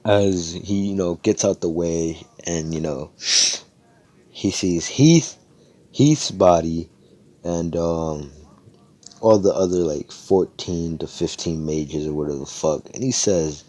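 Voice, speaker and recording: A young man talks through a fan-made story in a loose, rambling way, swearing freely and slipping into the characters' voices. His voice sits low and sounds mellow. It comes through a voice-chat mic. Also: slow. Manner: rambling, profane, acts out characters' lines. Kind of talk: casual improvised fan-fiction storytelling. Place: Discord voice chat. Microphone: headset or desk mic on voice call.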